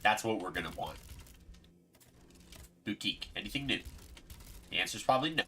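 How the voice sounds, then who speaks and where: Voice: low-pitched, animated, normal speed, sharp tone, slight background noise. A game streamer giving casual live commentary, playfully exasperated and laughing often.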